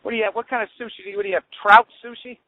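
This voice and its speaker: A man's voice: high-pitched, fairly even intonation, very fast, close to an everyday voice. A man voicing a dim-witted small-town man with a Southern US accent and a folksy, boastful drawl. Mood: folksy boasting. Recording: tinny phone-like line.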